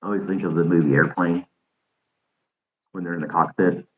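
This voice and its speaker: Very low-voiced male podcast host, loose rambling chat, frequent chuckles. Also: fairly even intonation, fairly quick, phone-quality sound. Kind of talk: casual live-stream chat. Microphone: desk microphone.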